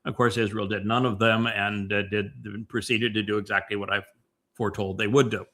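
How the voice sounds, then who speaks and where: Bright-voiced man rambling through commentary. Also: fairly low pitch, level tone. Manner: meandering, many fillers and restarts; emphatic, slows down on key points. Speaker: podcast host. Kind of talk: casual commentary chat.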